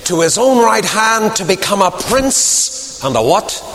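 Male preacher with a very expressive pitch and dramatic hushed drops, light noise under the voice. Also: a little slow. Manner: dramatic swings from loud emphasis to hushed whispers. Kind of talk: sermon.

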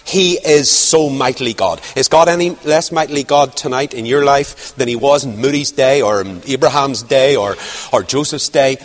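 A man preaching a sermon, emphatic, rising to near-shouts on key points. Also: mid-range voice, normal speed, big-room sound.

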